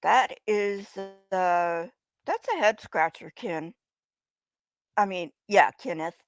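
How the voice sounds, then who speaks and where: A woman's voice: on the low side, slow pace, faint music behind. A woman streaming casual commentary in a blunt, sarcastic and mocking way.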